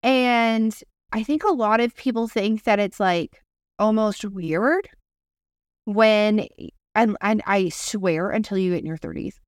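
Brief: woman co-host, middle pitch, loose rambling talk, hunts for words. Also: smooth, dry recording, clean studio sound. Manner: rambling, searches for words, casual swearing. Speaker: podcast co-host. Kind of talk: casual chat.

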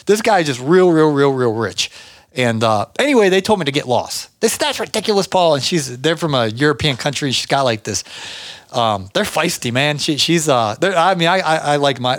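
A man's voice: medium pitch, a bit bright, dry recording. Rambling man, dry sound. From Georgia, US. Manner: rambling, repeats and restarts, chatty asides. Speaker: podcast host. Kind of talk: casual business advice monologue.

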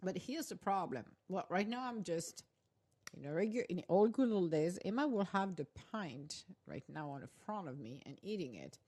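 Low-voiced chatty woman. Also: lively intonation, moderate pace, a little mellow, breathy edge. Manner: chatty, rambling, laughs often. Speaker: podcast host. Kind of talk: casual chat while eating.

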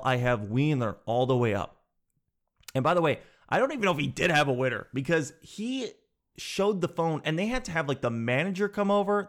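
A man telling a comic story in an animated, exasperated, sarcastic way. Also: a little high.

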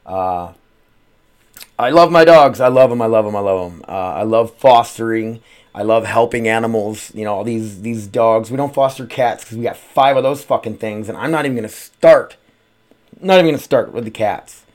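A man hosts a casual podcast from his home. He rambles from one thought to the next, swears freely and fills pauses with "uh." He sounds like an ordinary guy chatting into a mic. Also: on the low side. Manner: rambling, profane, frequent "uh" fillers. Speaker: podcast host. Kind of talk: casual solo podcast chat.

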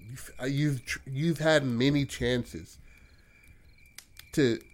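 A man's voice: medium pitch, fairly even intonation, slow, close to an everyday voice. A man putting on a doomed pizza man's solemn judgment. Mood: solemn accusing. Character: eerie judging pizza delivery man risen from death.

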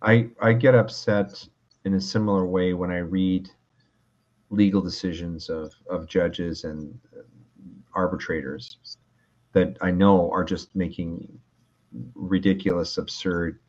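A Canadian lawyer, a man, calmly explaining legal reasoning in a casual interview, with frequent restarts. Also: low voice, lo-fi sound. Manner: measured, calm, explains with restarts. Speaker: lawyer guest.

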